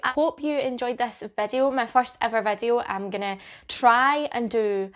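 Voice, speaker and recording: A woman's voice: on the high side, normal speed, a bit bright. A young adult woman with a Scottish accent, chatting casually to camera as a beauty vlogger, with plenty of ums.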